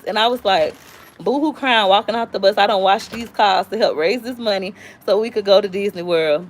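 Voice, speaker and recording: A lively woman, chatting through stories on a live stream. Her voice sits mid-range, and she jumps to squealy highs when she acts out other people. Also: a little fast. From Tampa, Florida. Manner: animated storyteller, squeals high when quoting. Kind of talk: casual storytelling chat.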